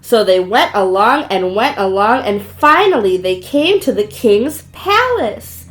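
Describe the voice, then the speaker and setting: A woman's voice: medium pitch, sing-song, a little slow, a bit bright. A woman preschool teacher reading a storybook aloud to young children, asking them questions and spelling out letters.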